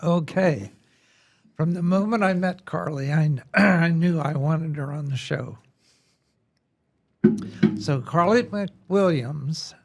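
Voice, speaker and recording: A man hosting a spiritual podcast, introducing his guest in a measured, conversational way while losing his voice. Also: on the high side, vocal fry. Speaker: podcast host.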